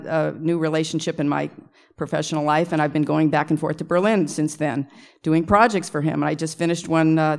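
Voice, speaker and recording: A woman's voice: low-pitched, vocal fry, darkish tone. A middle-aged woman composer telling rambling stories at a luncheon Q&A, often stopping to correct herself and adding laughing asides. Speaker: composer and arranger guest. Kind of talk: storytelling at a luncheon Q&A. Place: luncheon event room.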